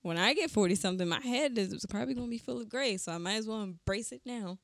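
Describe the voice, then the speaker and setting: A woman's voice: fairly high pitch, quick pace, vocal fry, no room sound, studio quality. Playful young woman podcast co-host. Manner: playful, laughs often. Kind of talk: casual chat.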